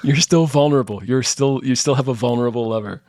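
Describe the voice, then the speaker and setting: A man's voice: medium pitch, fast, a little mellow, dry recording, clean studio sound. A man running a tabletop game on a podcast, relaying a character's backstory with amused chuckles. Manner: amused, chuckling while relaying absurd details. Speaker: game master. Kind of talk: casual podcast chat, reading a character backstory.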